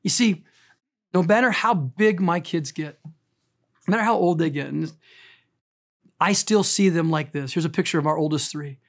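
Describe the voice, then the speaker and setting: A middle-aged man preaching a sermon as a pastor, telling stories earnestly and emphatically, rising in intensity and dropping to quiet tenderness. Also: a little high, moderate pace, long pauses.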